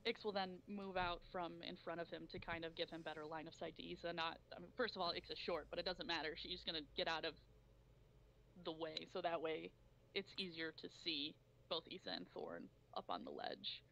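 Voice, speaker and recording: A woman narrating her character at a tabletop game in a chatty way, with quick asides. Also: on the low side, a bit bright, muffled recording, a little hiss or hum. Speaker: tabletop player.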